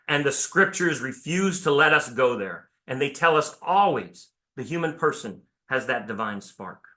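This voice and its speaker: A man's voice: a little high, bright, forceful tone. A man from Pennsylvania, a priest preaching a sermon in a conversational way, restarting phrases and asking rhetorical questions. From Pennsylvania, United States. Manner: conversational, self-correcting, full of rhetorical questions.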